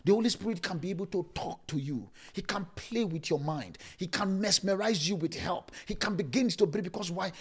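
A middle-aged man preaching a sermon, repeating phrases and switching between loud bursts and hushed lines. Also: high-pitched, animated, fairly quick, few pauses, slightly rough. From Nigeria. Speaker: pastor.

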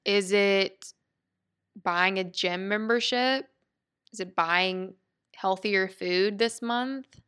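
A woman's voice: mid-range voice, slow pace, a bit bright, clear, resonant tone. A woman hosting a podcast, talking in an earnest, heartfelt way and thinking aloud with restarts. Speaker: podcast host. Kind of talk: reflective motivational monologue.

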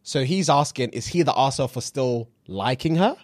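A man's voice: medium pitch, lively intonation, brisk. A young man co-hosting a chat show, recapping a story with wry asides in casual banter.

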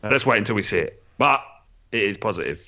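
A man's voice: lowish voice, animated, fairly quick, vocal fry, bright, forceful tone, lo-fi sound. A man co-hosting a casual sports podcast, sounding stuffy and nasal, chatty with many restarts. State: stuffy and nasal from a sore nose. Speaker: podcast co-host. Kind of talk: casual chat.

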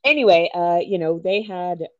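A woman's voice: on the low side, lively intonation, normal speed, no room sound, lo-fi sound. A woman author, a guest on a podcast, talking in a bubbly, chatty way with lots of "like" and "um". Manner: bubbly, talkative, lots of fillers and "like". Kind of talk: casual interview chat.

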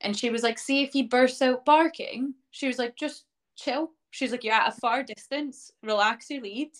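A woman's voice: a little high, normal speed. A young woman guest in an interview, telling her story in a casual, chatty way, full of "um" and "like" and quoting what others said. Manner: chatty, many fillers like "um" and "like", acts out quoted speech. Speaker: interview guest, dog owner.

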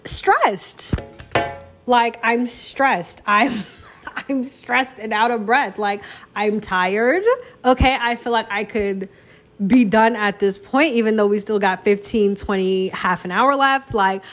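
A chatty young woman talks on her own in a loose, casual way, poking fun at herself as she goes. Her voice sits at a middle pitch. She jumps into big, exaggerated voices whenever she quotes other people. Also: measured pace. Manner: chatty, self-deprecating, dramatic quoted voices. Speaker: podcast host. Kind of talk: casual solo chat.

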